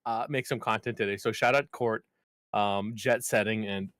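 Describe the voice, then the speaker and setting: A man hosting a gaming podcast in casual, upbeat chat, quick to laugh. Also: lowish voice, fairly even intonation, a bit bright, no echo, clean studio sound. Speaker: podcast host.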